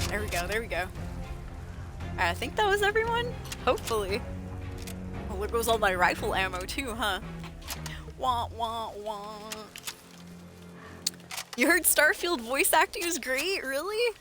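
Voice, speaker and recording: A woman's voice: a little high, very animated, unhurried, long pauses, music in the background. A woman streaming a game, chatting casually with jokes and sarcastic asides. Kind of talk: casual gameplay chat.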